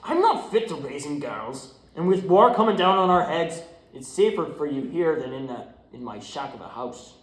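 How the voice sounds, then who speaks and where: A man reading the part of a gruff, worn-out working father, curt and dismissive, at a script read-through. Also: fairly high pitch, sing-song, normal speed. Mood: stern. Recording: roomy echo.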